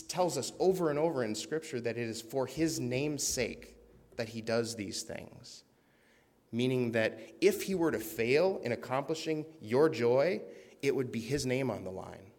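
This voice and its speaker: A man's voice: mid-range voice, in a large hall. A man preaching a sermon in an earnest, conversational way, reading scripture aloud with emphasis.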